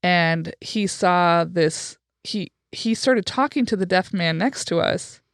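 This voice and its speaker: Woman podcast host, frank chatty storyteller; smooth resonant tone, dry close sound. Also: on the low side, slow, no echo. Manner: chatty, frank, with frequent fillers and profanity. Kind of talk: casual conversational storytelling.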